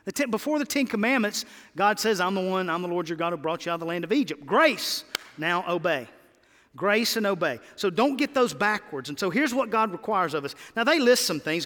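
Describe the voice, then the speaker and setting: A man's voice: high-pitched, lively intonation, brisk, a bit bright, long reverb tail. A man preaching a sermon as pastor, impassioned and pleading, with sudden rises in his voice.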